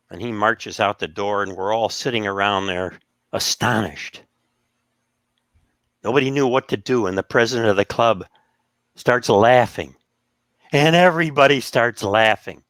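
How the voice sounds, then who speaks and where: A man's voice: medium pitch, normal speed, long pauses, no room sound, studio quality. A man casually telling stories on a podcast, acting out the voices of the people in them. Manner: animated, acts out quoted voices. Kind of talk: casual storytelling.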